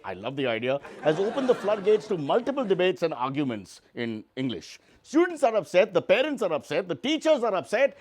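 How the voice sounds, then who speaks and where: A man hosting a satirical comedy show, animated and mock-indignant. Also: high-pitched, brisk, few pauses, slight background noise. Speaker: host.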